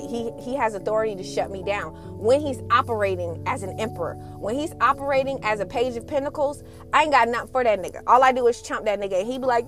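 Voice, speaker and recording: A woman hosting a casual spiritual podcast, talking in a blunt, sassy and profane way and laughing often. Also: a little high. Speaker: podcast host and twin flame coach.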